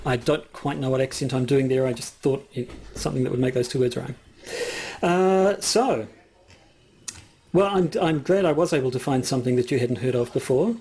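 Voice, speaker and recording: Medium-pitched and a little mellow, this man's slightly rough voice moves at a moderate pace. As a podcast co-host making casual conversation, he rambles hesitantly, using many fillers and restarts.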